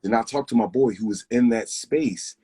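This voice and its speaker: A man's voice: mid-range voice, moderate pace, warm tone, breathy edge. A man who is a guest on a talk show, earnestly telling personal stories in a casual chat, often stopping and restarting.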